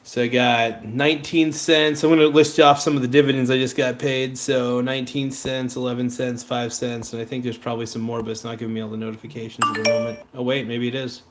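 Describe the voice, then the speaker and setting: A man's voice: medium pitch, flat delivery, brisk, few pauses, faint music behind. A man hosting a casual livestream, rambling and joking with viewers between offhand remarks. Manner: rambling, joking, breaks into improvised sung rhymes. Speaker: livestream host. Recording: echoey room, faint ambient noise.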